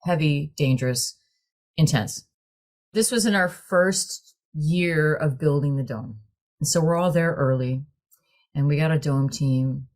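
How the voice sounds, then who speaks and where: A woman telling a lively story in a casual group conversation, laughing often as she talks. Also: low voice, a little slow. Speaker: choir director.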